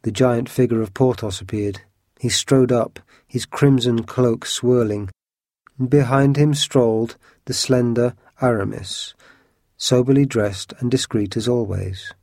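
A man narrating a classic adventure story in an even, measured storytelling manner. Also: medium pitch, no room sound, studio quality. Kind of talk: storybook reading.

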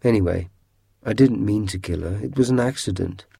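Brief: mournful old male storybook ghost, deep and quivery, grumbles; a man reads the part in a dry, close sound. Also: a little fast, gravelly, warm tone, husky, no room sound. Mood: defensive. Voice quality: low and quivery. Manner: grumbling, self-pitying. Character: sad lonely old male ghost, sulky.

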